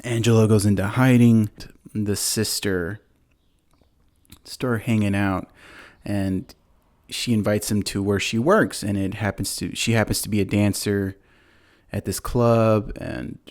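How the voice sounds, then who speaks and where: A man with a lowish voice, chatting loosely as he recaps a film for his podcast. He wanders through the plot with plenty of "like"s and restarts, breaking into short laughs along the way. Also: steady tone, a little slow, a little mellow. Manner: rambling, filler-heavy, laughs often. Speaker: podcast host. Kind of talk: casual chat, retelling a movie plot.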